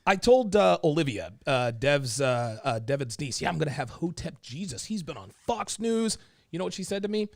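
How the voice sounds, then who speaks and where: A man hosting a casual livestream, talking in a lively, up-and-down way. His voice is a touch high and gravelly. The sound is close and dry. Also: normal speed, no echo. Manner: animated, reads viewer super chats aloud. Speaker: livestream host.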